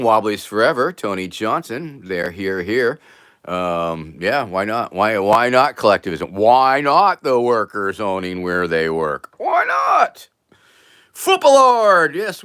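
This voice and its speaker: A man chats through a casual livestream, greeting viewers by name and tossing off dry quips. His pitch swings widely while he keeps an unhurried pace. The sound is close and dead, with no room echo. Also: fairly bright tone. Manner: reads viewer names aloud with dry jokes. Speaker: livestream host.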